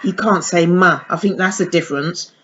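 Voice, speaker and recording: A woman's voice: lowish voice, moderate pace, a bit bright. A woman vlogger chatting casually as she demonstrates a baby doll, cooing baby talk to the dolls. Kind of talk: casual toy unboxing demo. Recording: dull lo-fi sound with faint noise.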